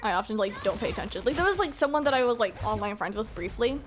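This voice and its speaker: High-voiced chatty young woman streamer. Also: expressive, quick pace, slight background noise. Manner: chatty, rambling, frequent fillers. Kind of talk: casual chat while gaming.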